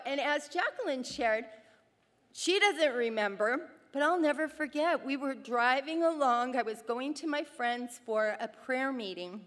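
Middle-aged woman, high voice, animated storyteller, faith talk to mothers, long hall reverb. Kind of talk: faith-based talk with personal stories.

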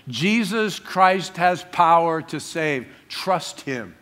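A man's voice: on the high side, expressive, takes it slowly, a bit bright, faint music behind. Man preaching a joking, chatty sermon. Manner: humorous, conversational storytelling. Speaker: pastor. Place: church.

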